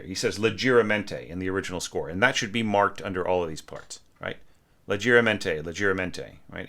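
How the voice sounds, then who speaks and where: An orchestration teacher with a lowish, fairly bright voice goes through a student's score aloud, singing the passages on "da" syllables. He repeatedly checks in with rhetorical "right?" questions.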